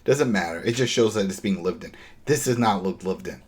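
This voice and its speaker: A man co-hosting a podcast, retelling a TV episode in casual chat with lively storytelling and dry, sarcastic asides. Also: low voice, brisk. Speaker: podcast co-host.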